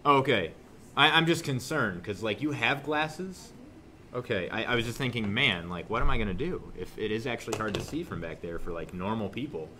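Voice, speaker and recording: Young guy teaching math in a classroom, super lively pitch, bright tone, joking around and yelling randomly, bit of room noise. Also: normal speed. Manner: joking, animated, shouts suddenly. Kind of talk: classroom lesson.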